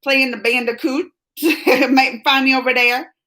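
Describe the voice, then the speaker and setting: A woman's voice: high-pitched, level tone, unhurried, pushed and bright, poor audio. A woman in her thirties, hosting a live stream, chatting casually and laughing often as she reads comments. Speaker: live stream host reading chat.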